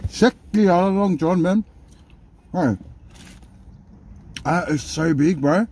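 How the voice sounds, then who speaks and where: A man's voice: sits high, slow pace, darkish tone, husky. A man, hosting a mukbang and teasing his partner in casual chat while he eats. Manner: playful, teasing, often talks with his mouth full. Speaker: mukbang host.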